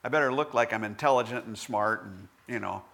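A man giving a conversational devotional talk in a candid, self-deprecating storytelling manner, with halting restarts. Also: fairly low pitch, creaky, fairly bright tone. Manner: halting restarts and filler words.

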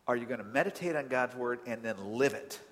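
A man preaching a sermon, telling a personal story in an animated way that swings from quiet to loud exasperation. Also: medium pitch, a little fast, big-room sound. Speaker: pastor.

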